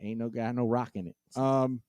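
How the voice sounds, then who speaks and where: A man's voice: mid-range voice, fairly even intonation, moderate pace, darkish tone, clean tone, no echo. A man co-hosting a comedy podcast, talking casually with frequent hesitations. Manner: hesitant, many ums and uhs. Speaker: podcast co-host.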